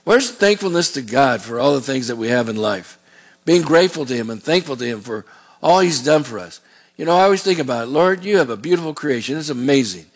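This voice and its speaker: A man's voice: medium pitch, lively intonation, a little fast. A male pastor preaching a sermon in a folksy, digressive and earnest way. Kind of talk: sermon with scripture reading.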